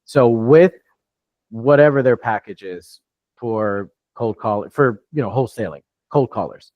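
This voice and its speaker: A man's voice: mid-range voice, lively intonation, a little slow, no room sound. Man from new york, live training coach, casual with restarts, dry muffled call audio. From New York, USA. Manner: loose, conversational, with many restarts. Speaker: real estate deal coach.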